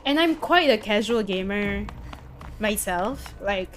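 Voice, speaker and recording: A young woman streaming a video game vents her exasperation in chatty, casual commentary with her viewers. Her medium-pitched voice is expressive, slow and a bit bright, with a little hiss or hum in the background.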